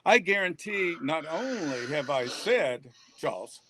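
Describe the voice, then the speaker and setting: A man's voice: on the high side, animated, unhurried, noisy background. An older man, co-hosting a casual webinar about reading in a folksy, joking way and laughing often. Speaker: reading program author and co-host.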